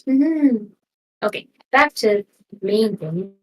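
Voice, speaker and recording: A woman's voice: medium pitch, animated, slow pace, rough recording. A woman playing a tabletop game, playful and jokey with the others. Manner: playful, jokey, laughs often. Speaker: player.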